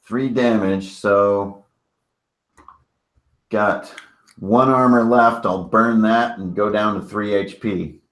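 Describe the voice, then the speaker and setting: A man's voice: fairly low pitch, fairly even intonation, takes it slowly, long pauses, a bit bright. A man playing a tabletop game who speaks casually and jokes bluntly as he describes his character's moves. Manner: jokey, blunt, swears casually. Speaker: player.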